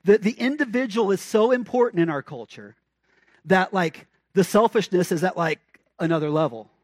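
A man delivering a sermon in a conversational yet emphatic way, with questions thrown at the congregation and phrases repeated for weight. His voice sits high for a man. The sound is close and dry, with no room echo. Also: expressive, normal speed. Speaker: pastor.

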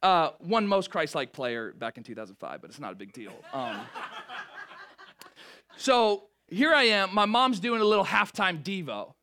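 A young man preaching a sermon, lively and joking with the crowd, often stumbling over and restarting his words. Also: high voice, normal speed. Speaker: pastor.

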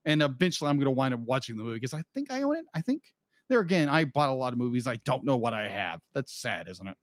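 A man's voice: medium pitch, very animated, fast, dry recording. A man co-hosting a podcast, chatting casually in a rambling way with frequent restarts and asides. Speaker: podcast co-host. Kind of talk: casual chat.

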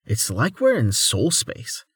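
Playful young mage for an audiobook, rambling, thinks aloud, lively delivery, read by a man. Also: mid-range voice, takes it slowly, husky, no room sound, studio quality, heavily acted.

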